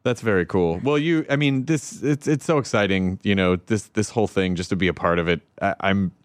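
A man from the American South hosting a casual chat, playful and quick to laugh. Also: lowish voice. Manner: playful, laughs often, slips into silly voices. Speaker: host.

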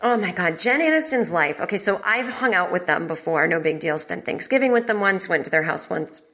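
A woman's voice: fairly low pitch, animated, brisk, a bit bright. A woman hosting a comedy podcast from home, telling a rambling, exasperated story and swearing freely. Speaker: podcast host.

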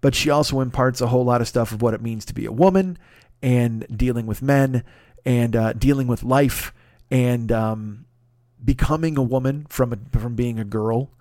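A man's voice: mid-range voice, moderate pace, no echo. Male stand-up hosting his own show, dry close mic, profane and worked-up monologue. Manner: animated, swearing, rants with mounting excitement. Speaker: podcast host; stand-up comedian.

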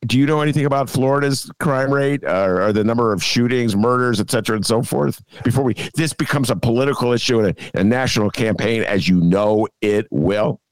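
A man's voice: mid-range voice, fairly quick, few pauses, dry recording. A man hosting a political podcast, talking in a wry, exasperated casual way with lots of fillers. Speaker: podcast host.

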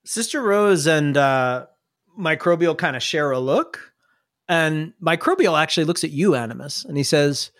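A man with a somewhat high voice narrating a tabletop game as game master. He rambles in a relaxed way, filling pauses as he describes scenes. The sound is dry and close. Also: dry recording.

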